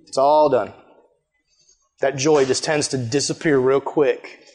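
A man preaching a sermon in a casual, animated way, acting out the people he quotes. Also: mid-range voice, slow pace.

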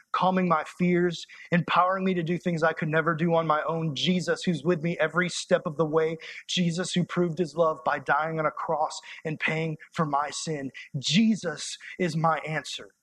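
A young man preaching a sermon as a youth pastor, conversational and impassioned, sometimes dropping to soft, intimate tones. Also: on the high side, dry recording.

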